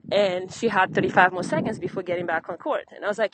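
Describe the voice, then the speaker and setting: A young woman from Benin, a tennis coach, chatting lively in an interview, a little out of breath and laughing often. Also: mid-range voice, fast talker, hardly any pauses, slight background noise, rough recording. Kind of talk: casual interview chat.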